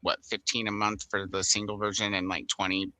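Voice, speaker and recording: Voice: low voice, level tone, fairly quick, pushed and bright, no echo, rough recording. An American co-host chatting casually on a livestream and weighing in with opinions. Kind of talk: casual chat.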